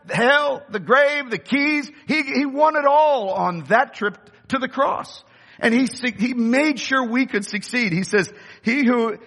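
A man preaching a sermon with impassioned delivery, rising to shouts at the high points. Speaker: pastor. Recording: long reverb of a large hall.

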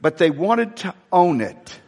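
A man preaching a sermon, telling stories in an animated, conversational way. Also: sits high, measured pace, big-room sound. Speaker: pastor.

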